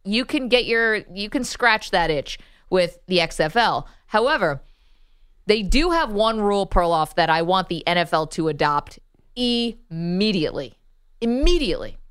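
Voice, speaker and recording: A woman's voice: mid-range voice, expressive, moderate pace, a bit bright, clean tone, dry recording, clean studio sound. A woman hosting a sports talk radio show, playful and opinionated in casual banter. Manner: playful, opinionated, laughs easily.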